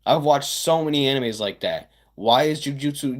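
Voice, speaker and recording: A man's voice: medium pitch, moderate pace, few pauses. A man, chatting casually with livestream viewers, rambling with stammers and sarcastic asides.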